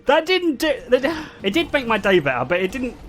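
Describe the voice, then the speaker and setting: A man's voice: very high-pitched, wildly swooping pitch, fairly quick, a bit bright, a little hiss or hum. A British man streaming, telling casual stories to his chat, joking, swearing freely and laughing often. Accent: British English. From Britain.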